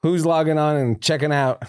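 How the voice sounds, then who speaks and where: The man's voice sits on the high side and sounds clean, moving at a moderate pace in a dry, studio-quality recording. As co-host of a casual podcast, he tells animated stories, often laughing and swearing.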